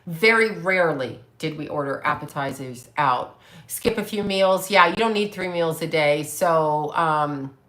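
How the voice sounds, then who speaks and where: This psychic medium, a woman in her late fifties, speaks in a low-pitched, slightly bright voice at a measured pace. Chatting casually on a livestream, she reads viewer comments and talks back to them bluntly, swearing a lot.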